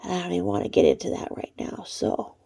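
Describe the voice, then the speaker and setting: A woman with a lowish, mellow, slightly rough voice talks fast with vocal fry. She hosts her own channel and chats to the camera in a rambling way, sometimes dropping to a whisper, in a casual vlog.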